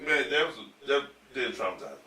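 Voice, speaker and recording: A man telling a rowdy story in casual chat, animated, laughing and swearing as he goes. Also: medium pitch, a little fast. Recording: roomy echo from far off with faint ambience.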